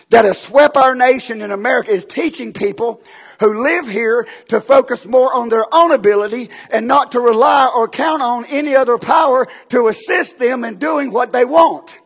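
A man preaching a fiery sermon in a church, building to shouts as he drives his point home. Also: very high voice, moderate pace, gravelly, slightly rough. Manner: impassioned preaching, rising to shouts. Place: church sanctuary. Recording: long echoing hall reverb.

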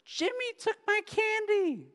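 Brief: a shrill, whiny little boy bawling over lost candy, loud and echoey. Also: lively intonation, measured pace, full character voice. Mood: wailing. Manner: whiny, high-pitched wailing. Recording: echoey hall.

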